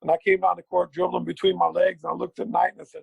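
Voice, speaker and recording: A middle-aged man spins a basketball story, acting out every quote with gusto. His voice sits high and runs gravelly and husky. The sound is dry and close. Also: quick pace, no room sound, poor audio. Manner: lively anecdote teller, acts out quotes. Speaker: guest, former pro basketball player. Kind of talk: animated storytelling.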